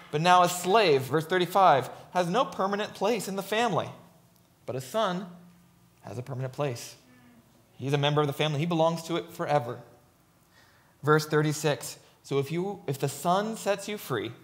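A man preaching a sermon, reading scripture aloud and commenting emphatically, often checking in with "right?". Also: fairly high pitch.

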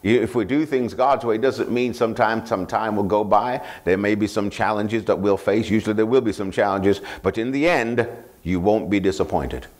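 A male pastor preaching a sermon, prompting the congregation to finish his phrases and repeating scripture references slowly for emphasis. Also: lowish voice. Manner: call-and-response, asking the congregation to finish his lines.

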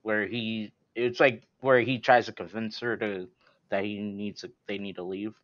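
A man with a fairly low voice talks about a film in a halting, self-correcting way. His mic sounds slightly dull and lo-fi, with the top end rolled off. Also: little pitch movement, no room sound. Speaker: podcast co-host. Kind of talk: casual movie-discussion chat.

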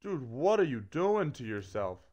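A man giving casual commentary while opening packs in a video game, swearing freely and swinging between flat grumbling and excited shouts. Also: medium pitch, a little slow, lo-fi sound. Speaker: gaming video creator.

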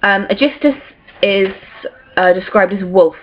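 A woman's voice: mid-range voice, moderate pace. Teen girl, casual revision vlog, filler-heavy, middling voice, muffled lo-fi audio. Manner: chatty, filler-heavy, acts out quotes in playful voices. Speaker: student revising for exams. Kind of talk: casual revision talk to camera.

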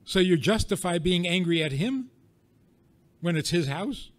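A man speaking as a rabbi, his voice sitting a little higher than most men's. He teaches an audience, prodding them with rhetorical questions. He makes his points through wry, everyday examples. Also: animated, unhurried.

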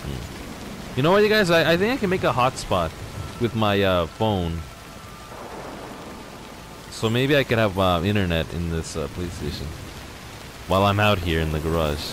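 A young man hosting a let's play, excitedly exclaiming and talking to his viewers from his garage. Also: on the low side, measured pace, pauses often, background noise. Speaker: gaming channel host. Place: home garage.

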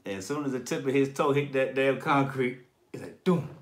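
A man's voice: medium pitch, fairly even intonation, brisk. A man hosting a collectibles channel, chatting casually on a livestream and reading viewer comments. His talk is slangy and profane, and he laughs often.

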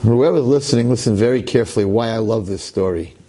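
A middle-aged rabbi telling a story in a dramatic, animated way, acting out its characters. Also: male voice, fairly low pitch, fast talker. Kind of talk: storytelling lecture.

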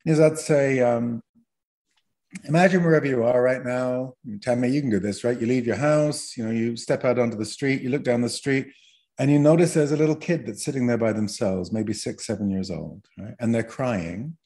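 A man's voice: mid-range voice, normal speed, warm tone. A man teaching as a podcast guest, explaining in a chatty way and tagging his points with "right?". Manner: explanatory, peppers talk with "right?". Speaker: guest therapist trainer.

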